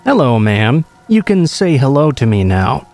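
A man's voice: mid-range voice, very animated, a little slow, a little mellow, soft background music. Creepy erratic stranger guy around forty, polite then nasty, man reading it out. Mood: eerily polite. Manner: flips from polite to aggressive. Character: unsettling middle-aged male stranger, erratic.

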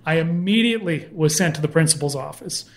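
Talking fast in a voice on the high side, a male comedy historian appears as an interview guest. His casual, animated anecdote is full of imitated voices of other people.

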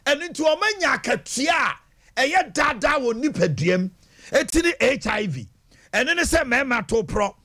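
High, emphatic Ghanaian man preaching on air. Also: big pitch swings, normal speed. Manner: preachy, emphatic, often shouting. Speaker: radio show host. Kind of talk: animated radio talk. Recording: broadcast studio.

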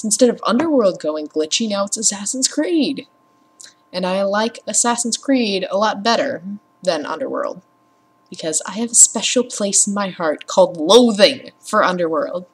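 Tired, husky young woman rambling casually. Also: lowish voice. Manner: chatty, swears a lot, reads achievements aloud. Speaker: gaming vlogger. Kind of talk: casual rambling gaming vlog.

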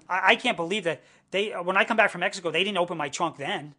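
A man's voice: sits high, fast, pushed and bright. A middle-aged American man telling his own story, earnest and indignant, stumbling through many restarts and fillers. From United States. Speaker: interviewee. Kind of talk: personal testimony to camera.

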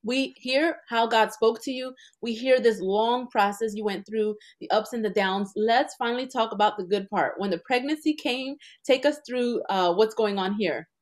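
A woman's voice: mid-range voice, normal speed, few pauses, soft background music. A woman hosting an interview, prompting her guest with short encouraging questions. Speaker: host.

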